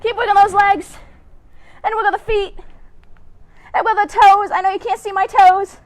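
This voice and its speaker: A woman's voice: extremely high pitch, level tone, normal speed. A woman hosting a children's story time, leading movement exercises in a playful, encouraging way and humming little sound effects. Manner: playful, encouraging, talks straight to young kids; hums little sound effects and laughs between cues.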